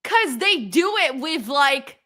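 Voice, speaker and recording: A woman co-hosting a wrestling stream in casual chat, animated, laughing often and swearing freely. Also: high-pitched, slow, a crowd in the background.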